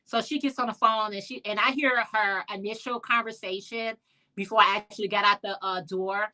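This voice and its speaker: A woman's voice: medium pitch, a little fast. A middle-aged woman hosting a live chat, telling a story casually and acting out the people she quotes. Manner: animated storyteller, acts out quoted voices. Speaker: live stream host.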